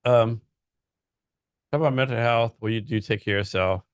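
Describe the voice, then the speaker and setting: Male podcast host, casual and loose, mid pitch, dry close recording. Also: fairly quick, clear, resonant tone, no echo. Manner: relaxed, loose, swears casually. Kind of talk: casual interview talk.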